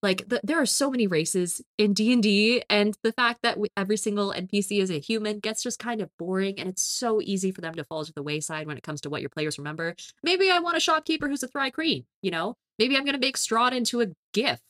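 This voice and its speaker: A woman's voice: mid-range voice, lively intonation, fast, hardly any pauses, a bit bright, dry recording, clean studio sound. A woman co-hosting a casual podcast about tabletop games, talking with energy and laughing often. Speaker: podcast co-host.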